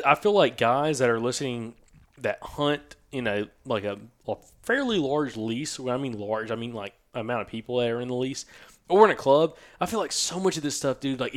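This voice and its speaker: A man with a Southern US accent co-hosting a hunting podcast, telling stories with lively voices for the people he quotes. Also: mid-range voice. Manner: animated storyteller, acts out quoted people. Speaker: podcast co-host. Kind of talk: casual hunting podcast chat.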